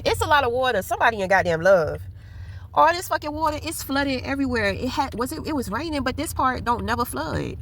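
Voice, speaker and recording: A woman vlogger with a high, expressive, fairly bright voice talks briskly from behind the wheel, car noise audible. The story she tells is candid, wandering, and heavy on cursing.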